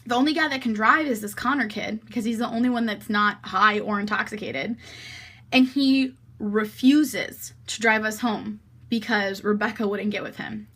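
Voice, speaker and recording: A young woman vlogger tells a chaotic party story in an animated, gossipy way. She fills her speech with "like" and drops swear words without a second thought. Her voice sits slightly higher than average. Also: normal speed. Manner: animated, heavy use of "like" and swearing. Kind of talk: casual storytime vlog.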